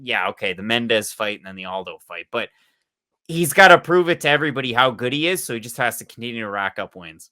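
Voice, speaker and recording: A man co-hosting a casual sports podcast, steering the talk with quick, steady questions and opinions. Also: mid-range voice. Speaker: podcast co-host.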